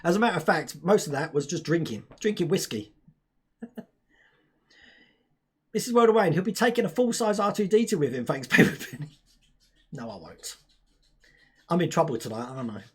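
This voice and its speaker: A husky man in his younger years chats loosely on a live stream, breaking into laughs and reading viewers' comments aloud. His talk rambles with a relaxed, homely feel. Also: fairly high pitch, moderate pace, long pauses. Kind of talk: casual live-stream chat.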